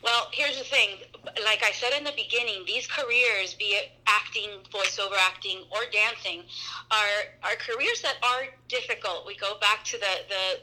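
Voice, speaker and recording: Upbeat woman voice actor guest, very bright and slightly high, expressive, chatty. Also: low-quality recording. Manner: animated and expressive, drops in Spanish words. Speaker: voice actor and dancer, podcast guest. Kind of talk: casual interview chat.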